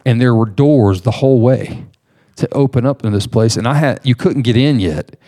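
A man preaching a sermon, telling a personal story in an animated way, with laughs and restarts. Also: mid-range voice, moderate pace. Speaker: pastor.

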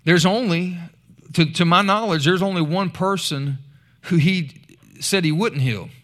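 Male preacher, higher-pitched, energetic sermon delivery with loud scripture readings. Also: measured pace. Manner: animated, rising to loud emphasis when reading scripture.

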